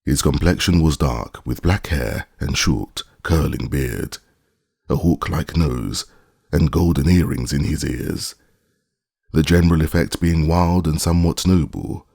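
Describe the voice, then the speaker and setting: A man narrating a classic short story as an audiobook, in a measured, deliberate way. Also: a bass voice, vocal fry, a little mellow, dry recording, studio quality.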